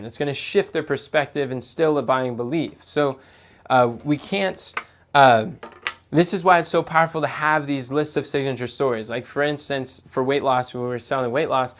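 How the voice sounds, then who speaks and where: A man teaching sales technique in a live coaching talk. He stumbles and repeats words, and he acts out client dialogue. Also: on the high side.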